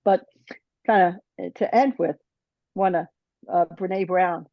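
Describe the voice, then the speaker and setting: A woman presenter giving personal closing remarks at a conference, halting and restarting often and checking in with "right?". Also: fairly low pitch, fairly even intonation, no room sound. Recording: dull dry lo-fi sound.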